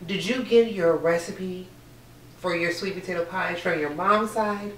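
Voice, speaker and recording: A woman's voice: fairly low pitch, unhurried, fairly bright tone. Sassy woman talk show host, echoey room. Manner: sassy, affectionate, calls people honey. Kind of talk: casual talk show chat. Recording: echoey room, distant mic, faint noise.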